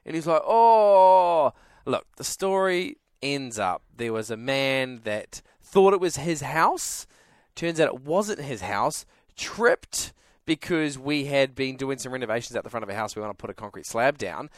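Speaking unhurriedly in a mid-range voice, a young man hosts a radio show and spins a story, acting out lots of voices with animation. The recording is dry and studio-clean, and the talk is casual.

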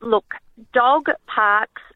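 A woman's voice: a little high, very slow, no room sound, narrow, tinny audio. A woman, calling into a radio show and chatting enthusiastically. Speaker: caller. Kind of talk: casual chat.

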